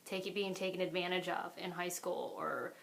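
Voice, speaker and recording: A woman's voice: lowish voice, level tone, normal speed, vocal fry, a little hiss or hum. A young adult woman, a vlogger and mother, talking candidly to camera at home in a rambling way, with lots of "like" and "I don't know.".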